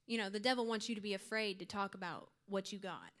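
A young woman with a medium-pitched, fairly bright voice talks fast while giving an earnest, informal youth sermon to her church group, laughing lightly now and then.

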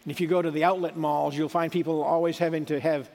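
A man's voice: fairly high pitch, little pitch movement, fast talker, a little mellow. Middle-aged guy preaching, chatty and folksy, voice rings around a big church hall. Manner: conversational, folksy, with asides and restarts. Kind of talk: sermon.

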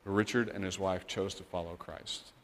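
A man's voice: sits low, steady tone, normal speed, fairly bright tone, a little hiss or hum. A man from the United States preaching a sermon, telling a story earnestly and building to emphatic points. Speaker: missionary preacher. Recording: long reverb of a church hall.

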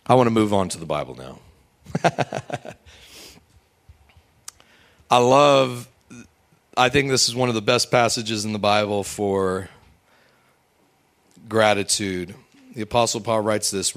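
Animated male preacher with dramatic swings. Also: unhurried, pauses often. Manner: animated, swings between loud high bursts and quiet low asides; acts out quoted voices in a raised pitch. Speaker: pastor. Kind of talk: sermon.

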